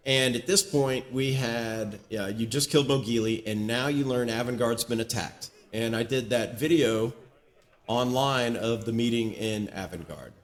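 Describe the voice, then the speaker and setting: A man's voice: medium pitch, moderate pace. A man recapping a tabletop campaign as game master, telling the story casually with plenty of fillers. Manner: rambling storyteller with many fillers.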